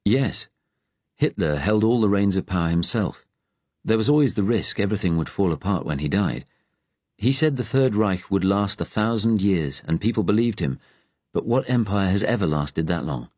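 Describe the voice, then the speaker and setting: A man narrating as an earnest, thoughtful resistance leader in an audiobook, speaking with quiet conviction. The voice sits a little above the reader's own low pitch, recorded close and dry. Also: expressive, moderate pace, no room sound.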